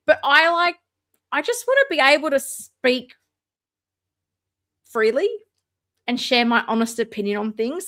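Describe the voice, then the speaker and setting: A woman's voice: a little high, a bit bright. An Australian woman hosting a casual livestream, chatting and answering viewer comments. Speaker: livestream host.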